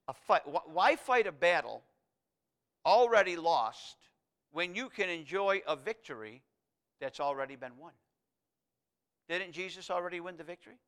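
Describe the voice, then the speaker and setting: A man preaching a sermon, moving between loud, emphatic declarations and quiet, intimate asides. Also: fairly high pitch.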